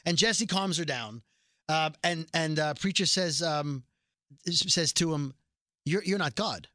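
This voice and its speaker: A man casually recapping a TV episode, telling it in an animated way and acting out the characters' lines. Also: a little high, measured pace, dry recording, studio quality. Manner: animated storytelling, acts out quotes.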